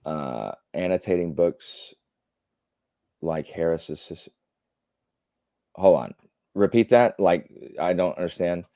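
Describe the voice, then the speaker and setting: A man hosting a live stream takes it slowly, his low-pitched, warm voice edged with vocal fry and broken by frequent pauses. He chats casually and answers viewer comments in a rambling way, with lots of fillers and blunt opinions. The recording is dry.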